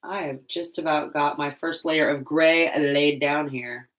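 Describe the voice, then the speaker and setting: A woman's voice: low voice, steady tone, a little slow, fairly bright tone. A woman vlogger chatting casually while painting, rambling and laughing often.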